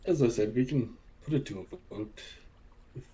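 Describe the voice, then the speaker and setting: A man who is a player in a tabletop game, speaking in character in a formal, measured way. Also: medium pitch, mellow, rough recording.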